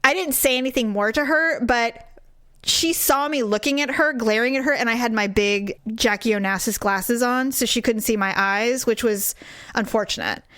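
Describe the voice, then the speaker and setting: A woman co-hosting a podcast, telling a story in a casual, animated and indignant way. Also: on the high side, normal speed, no echo, studio quality. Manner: animated, indignant venting with vivid retelling. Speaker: podcast co-host.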